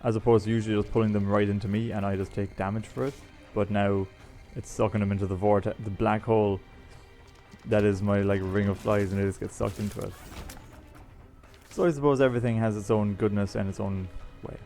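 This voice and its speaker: Man, mellow dark voice, rambling let's-play chatter. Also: fairly low pitch, steady tone, brisk, soft background music. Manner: rambling, chatty, explains game items as he plays. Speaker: gaming YouTuber. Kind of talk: casual let's-play commentary.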